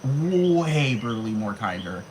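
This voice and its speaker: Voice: mid-range voice, sing-song, noisy background. A person in their thirties ranting in a monologue, swearing heavily and packing in fillers. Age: 30s. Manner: rapid, heavy swearing, many fillers. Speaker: vlogger.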